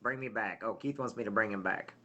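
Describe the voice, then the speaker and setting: A middle-aged man hosts a loose, casual livestream. He rambles and hunts for words out loud. His voice is bright and forceful. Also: on the low side, a little fast, a little hiss or hum. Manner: rambling, loses his train of thought. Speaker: livestream host.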